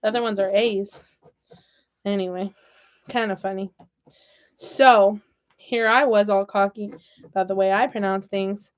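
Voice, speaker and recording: A woman's voice: mid-range voice, fairly even intonation, a little slow, long pauses. A woman in her thirties chatting casually and telling playful stories while she repairs toys with her hands. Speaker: toy repair vlogger. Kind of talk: casual chat while crafting.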